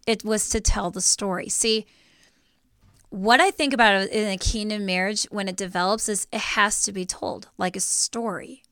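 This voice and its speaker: Bright-voiced emotional woman. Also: mid-range voice, moderate pace, clean tone, no echo, clean studio sound. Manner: emotional, animated storytelling. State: teary. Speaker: podcast co-host. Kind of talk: casual faith talk.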